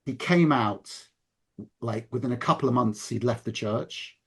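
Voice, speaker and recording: A man's voice: mid-range voice, measured pace, a bit bright, breathy edge. A man in casual conversation, talking earnestly and with emphasis, often restarting his sentences.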